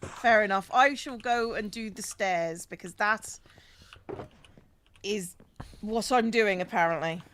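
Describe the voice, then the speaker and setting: A woman's voice: mid-range voice, slow pace, pauses often, a bit bright, slight background noise. A woman chatting casually with a friend while they play a building game, teasing and sarcastic. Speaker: co-player and regular. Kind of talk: casual chat while gaming.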